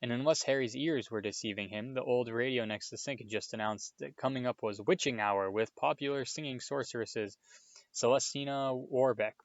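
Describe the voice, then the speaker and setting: A man narrating a children's story aloud, in a steady read-aloud manner, on a dull, lo-fi recording. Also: medium pitch, a little fast, no room sound. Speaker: audiobook reader.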